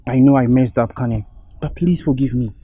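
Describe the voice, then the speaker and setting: A man's voice: mid-range voice, a little fast, dark tone, husky, dry recording, lightly acted, poor audio. A man playing a desperate young boyfriend who begs his girlfriend for another chance, with a Ghanaian accent. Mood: pleading. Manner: pleading, repeats her name.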